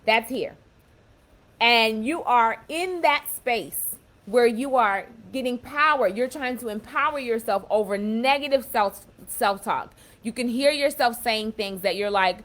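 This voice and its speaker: A young woman with a fairly high voice gives a casual motivational talk to her viewers. She speaks with warm emphasis and repeats or restarts phrases as she works through her points. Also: a little slow. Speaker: self-empowerment speaker.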